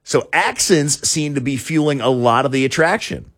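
A man's voice: medium pitch, expressive, normal speed, a bit bright, no echo, clean studio sound. A man hosting a talk show, chatting casually in a rambling way with many restarts and chuckles. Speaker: show host.

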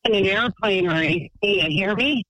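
A man voicing a rambling, excitable woman calling in to a radio show. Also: high voice, brisk, no room sound, rough recording. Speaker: caller.

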